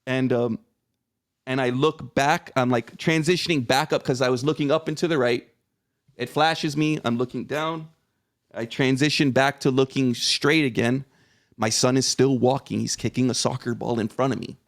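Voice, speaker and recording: A man's voice: medium pitch, steady tone, moderate pace. A man around forty, a podcast guest, animatedly retelling a personal experience, acting out his own reactions and swearing now and then. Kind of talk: conversational storytelling.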